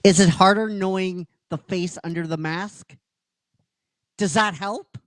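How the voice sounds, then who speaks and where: A man voicing a grim, solemn male monster warrior in armor, speaking in slow, heavy, formal phrases. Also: high voice, steady tone, fairly bright tone, dry recording, voice pushed up, rough recording. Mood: taunting. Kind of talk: storytelling with acted voices.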